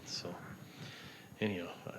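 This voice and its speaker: Slight background noise accompanies a Canadian man, a travel writer, as he guests on a casual interview. Unhurried, he rambles through animated stories, laughs a lot and acts out what people told him.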